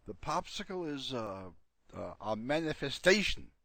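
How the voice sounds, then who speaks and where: A man's voice: medium pitch, big pitch swings, a little slow, creaky, fairly bright tone, no echo, clean studio sound, pitched above the performer's own voice, exaggerated voice. A man voicing an earnest, curious young boy who asks a lot of questions.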